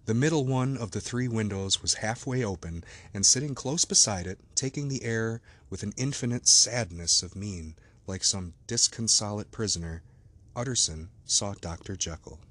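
Low-voiced man narrating a classic novel. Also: normal speed, a bit bright, no room sound. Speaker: audiobook narrator. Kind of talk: scripted narration.

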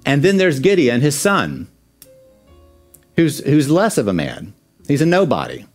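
A man preaching a sermon, lively and acting out the Bible story as he tells it. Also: fairly high pitch, measured pace, faint music behind. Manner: animated preaching that acts out the scripture. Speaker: pastor.

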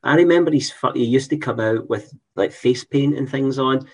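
A man's voice: mid-range voice, moderate pace, slightly rough. A man co-hosting a podcast, talking bluntly and enthusiastically with casual swearing. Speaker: podcast co-host.

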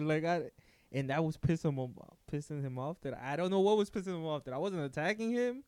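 A man's voice: a little high, a little fast, darkish tone, clean tone, dry recording. Casual man telling a story. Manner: storytelling with profanity and laughs. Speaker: podcast co-host. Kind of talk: casual chat.

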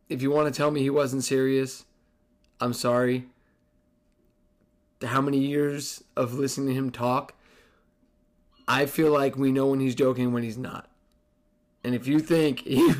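A man hosting a casual sports podcast, talking in a sarcastic, profane and excitable way. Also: medium pitch. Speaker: podcast host.

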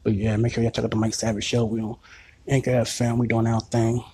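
A man's voice: medium pitch, completely flat delivery, fast, a little mellow, slight background noise. A man hosting his own podcast in a crude, boastful, rambling comedic monologue. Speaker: podcast host.

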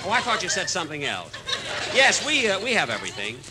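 A man's voice: high-pitched, huge pitch swings, fast talker. Exasperated vain man in old radio comedy. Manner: exasperated, vain, mock-offended. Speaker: comedian host. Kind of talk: 1940s radio comedy acting. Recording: noisy old radio broadcast.

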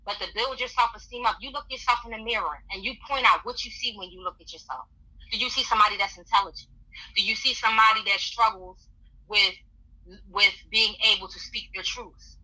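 A woman with a strikingly bright, forceful voice gives motivational advice as a podcast guest. She speaks earnestly and encouragingly, and she returns often to repeated affirmations. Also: medium pitch, fairly quick, low-quality recording.

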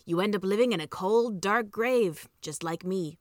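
A woman's voice: medium pitch, normal speed, a little mellow, dry recording, clean studio sound, close to an everyday voice. A woman voicing a weary, mournful male ghost who speaks in a solemn, sorrowful way.

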